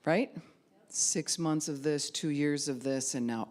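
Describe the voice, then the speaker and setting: A woman pastor preaching a sermon, acting out quoted voices and dropping to a soft hush at times. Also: low-pitched, takes it slowly.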